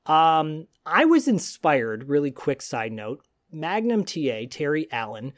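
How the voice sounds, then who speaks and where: A man's voice: fairly high pitch, sing-song, unhurried. A man hosting a podcast, telling a story in a rambling, digressive casual chat. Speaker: podcast host.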